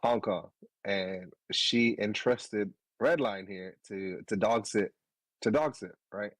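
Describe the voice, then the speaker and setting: A man in his thirties, a podcast co-host, telling a story in casual chat, animated, swearing and laughing as he goes. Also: on the low side, slow, no echo, rough recording.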